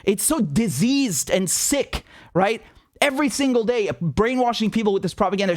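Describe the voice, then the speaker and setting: Male host, high-pitched, furious profane rant, dry close mic. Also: animated, moderate pace, no room sound. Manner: angry, ranting, profane, repetitive. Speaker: political commentator host. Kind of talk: impassioned monologue.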